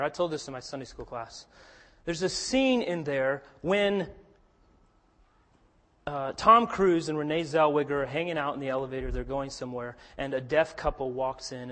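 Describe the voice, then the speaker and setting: A man preaching a sermon, earnest, moving between hushed storytelling and forceful emphasis. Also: a little high, long reverb tail.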